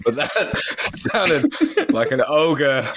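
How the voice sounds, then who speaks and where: A man's voice: mid-range voice, sing-song, slow, a crowd in the background. A man playing a tabletop game casually, laughing through his lines. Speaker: player.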